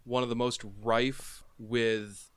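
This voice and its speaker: A man narrating a tabletop game as game master, explaining rules and describing scenes with brisk fillers. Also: medium pitch, level tone, a bit bright, clear, resonant tone, no room sound.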